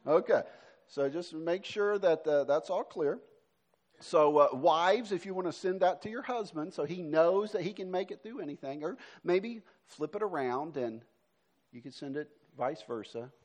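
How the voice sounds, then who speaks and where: A male pastor, middle-aged, preaching a sermon, moving between emphatic lines and soft, hushed passages. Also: a little high, moderate pace.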